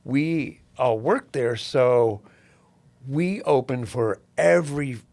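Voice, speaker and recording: Older male guest, rambling storyteller, mid-pitched, swears, clears throat. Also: takes it slowly, darkish tone. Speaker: podcast guest. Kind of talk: casual storytelling interview.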